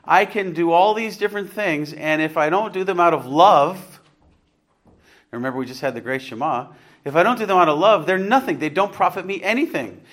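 A man's voice: sits high, a little fast, a bit bright. A man preaching an earnest, conversational sermon, rising to emphatic points and putting questions to his congregation. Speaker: pastor.

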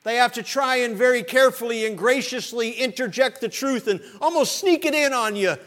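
A man's voice: extremely high pitch, brisk, fairly bright tone. A man, a pastor, preaching a sermon with emphatic rising bursts and light jokes to the congregation.

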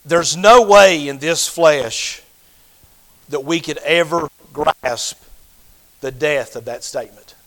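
An older man preaching a sermon, swinging between loud fervent passages and hushed, quiet ones. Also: a little high, slow pace, poor audio.

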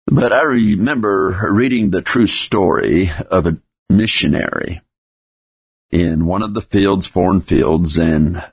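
A man's voice: sits low, creaky, husky. A man preaching a sermon in a folksy manner, acting out everyday parent and child dialogue to make his points. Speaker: pastor.

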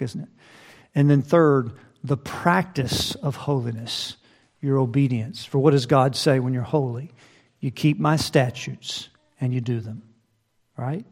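A man's voice: on the high side, darkish tone. A man preaching a sermon, reading scripture aloud and asking the listeners rhetorical questions. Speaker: pastor.

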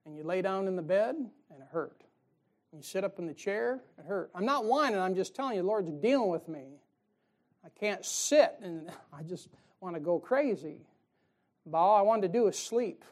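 A man's voice: high voice, lively intonation, normal speed. A male pastor preaching a sermon in a folksy way, firing rhetorical questions at his congregation.

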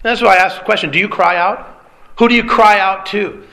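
A male pastor delivers an earnest sermon in a high, bright voice worn hoarse and strained. He leans on rhetorical questions and clears his throat often. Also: a little fast. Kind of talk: expository sermon.

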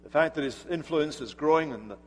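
A man's voice: a little high, brisk, a little hiss or hum. A man preaching an earnest, emphatic sermon as pastor in a church sanctuary. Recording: church hall reverb.

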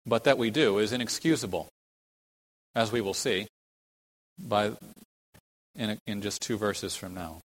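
Slow, emphatic male preacher in a hall. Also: fairly low pitch. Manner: emphatic, rhetorical questions, slow deliberate phrasing with sudden stresses. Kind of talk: expository sermon.

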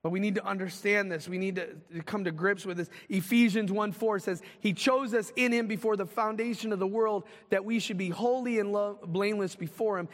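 A man preaching a sermon as pastor, swinging from loud, urgent calls to hushed, slow lines. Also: high voice, fairly even intonation, long reverb tail.

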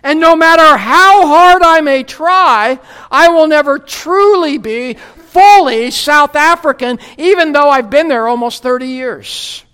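Preacher from the United States, high voice, slow deliberate delivery, wry humor, sermon. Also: sharp tone. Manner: wry, humorous asides before earnest scripture teaching.

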